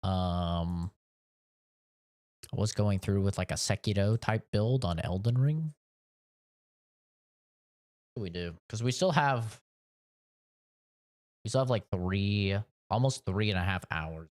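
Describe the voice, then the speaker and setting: A man's voice: fairly low pitch, takes it slowly, pauses often. A man live streaming video games, chatting casually in a rambling, profane way. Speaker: game streamer.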